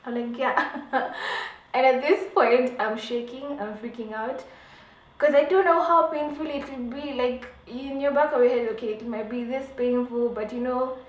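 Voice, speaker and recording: Young woman, vlog storyteller, dramatic and animated, slightly high voice, echoey home room. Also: normal speed. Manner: animated, dramatic retelling with laughs and acted-out quotes. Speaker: beauty vlogger. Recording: echoey room, faint background hum.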